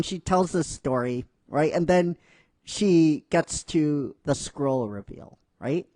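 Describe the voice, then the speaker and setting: A man's voice: on the high side, lively intonation, takes it slowly, a little mellow, dry recording, studio quality. A man casually retelling a fan story, rambling with restarts and frequent "right?" asides.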